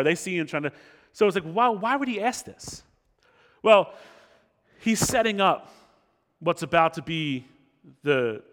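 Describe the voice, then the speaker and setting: A man preaching an expository sermon, animated, acting out the crowd's lines and dropping low and slow for quotes. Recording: long reverb of a hall.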